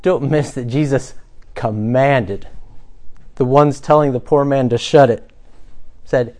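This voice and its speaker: A male pastor preaching a sermon who acts out the beggar's cries dramatically and drops to a soft hush when he reflects. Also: mid-range voice, fairly even intonation, takes it slowly, long pauses.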